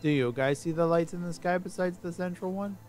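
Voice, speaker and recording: A man's voice: sits high, brisk, a little mellow, soft background music. A man streaming a video game, chatting casually and joking about voices and accents as he plays. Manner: chatty and joking, often laughing. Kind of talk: casual gameplay commentary. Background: faint game soundtrack.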